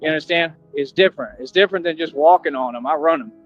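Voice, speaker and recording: A man's voice: fairly high pitch, quick pace, fairly bright tone. A man in a played clip, boasting in a confrontational, slangy monologue about running the streets. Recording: dull lo-fi clip audio with music.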